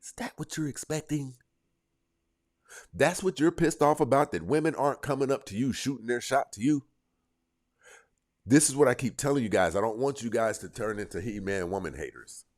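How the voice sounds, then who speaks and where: A man's voice: medium pitch, normal speed. A man giving dating advice straight to his viewers in a blunt, emphatic, lecturing manner. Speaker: dating coach. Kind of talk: direct-to-camera advice monologue.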